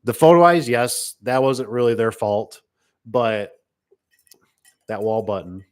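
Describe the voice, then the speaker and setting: Rambling middle-aged man telling job stories. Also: mid-range voice. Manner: rambling, acts out customer voices. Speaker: garage door business owner. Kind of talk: casual storytelling monologue.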